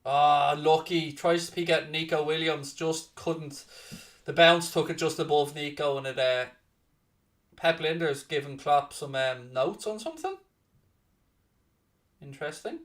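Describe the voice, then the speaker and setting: A man hosting a live football watchalong, chatting casually to viewers and breaking into loud excited shouting. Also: fairly high pitch, measured pace, pauses often, recorded from a distance. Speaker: watchalong host and commentator. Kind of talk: casual live match commentary.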